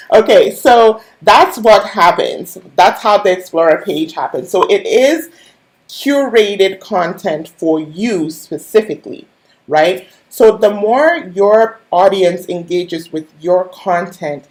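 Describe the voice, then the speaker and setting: A woman's voice: medium pitch, lively intonation, slow pace, darkish tone. A woman coaching her viewers on a live stream in a chatty, playful way, talking straight to them and making asides. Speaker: online business coach. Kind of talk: casual live-stream teaching.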